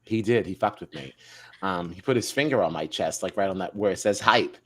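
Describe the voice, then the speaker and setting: A man's voice: sits low, a little fast. A man co-hosting a podcast, animatedly telling stories and acting out quotes in casual chat. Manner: animated storytelling, acts out quotes. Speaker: podcast co-host. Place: Midtown Manhattan.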